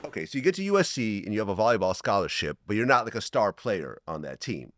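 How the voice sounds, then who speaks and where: A man hosting an interview, asking brisk, leading questions. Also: on the low side, sing-song, fairly bright tone, slight background noise. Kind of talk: interview host.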